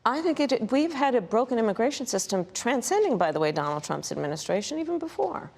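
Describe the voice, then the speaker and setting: A woman politician giving measured, repetitive answers in a broadcast interview. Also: fairly high pitch, very animated, vocal fry, darkish tone, big-room sound. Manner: measured, deflecting, repeats phrases.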